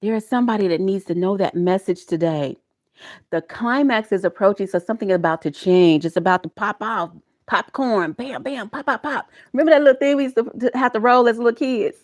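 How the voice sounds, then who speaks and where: A middle-aged woman gives a live tarot reading to her viewers. She talks in a folksy, emotional way and slips into preachy encouragement. Her voice sits at a middle pitch. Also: fairly quick. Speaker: tarot reader.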